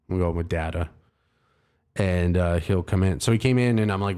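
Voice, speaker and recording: Speaking at normal speed in a low, darkish voice, the livestream host spins a lengthy, meandering tale for his chat. It's casual, full of profanity, and he pokes fun at himself throughout.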